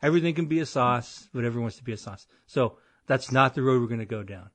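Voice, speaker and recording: A man's voice: medium pitch, lively intonation, fast talker, dry recording. A man hosting a podcast in casual chat, telling stories in a rambling, self-deprecating way. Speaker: podcast host.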